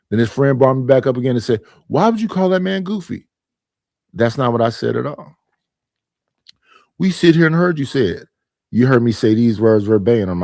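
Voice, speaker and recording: A man's voice: mid-range voice, a little mellow, dry recording, clean studio sound. A man hosting his own stream, arguing his points emphatically and repeating them in a casual monologue. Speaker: streamer and panel host.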